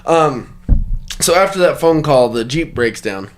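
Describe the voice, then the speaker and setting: A man's voice: fairly high pitch, lively intonation, measured pace. Laughing man retelling a film. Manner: laughs often, acts out quotes from the film. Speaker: podcast host reviewing a film. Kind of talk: casual chat.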